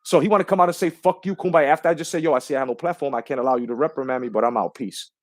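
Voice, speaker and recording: A man's voice: medium pitch, rapid-fire, dry recording. Indignant man ranting in a dry room. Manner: heated, indignant, profane storytelling. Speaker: boxing YouTube commentator. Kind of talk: casual ranting monologue.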